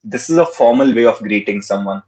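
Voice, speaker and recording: A man tutoring in a relaxed way, repeating words slowly and mixing in Hindi phrases. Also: fairly low pitch, rough recording. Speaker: French tutor. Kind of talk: casual teaching.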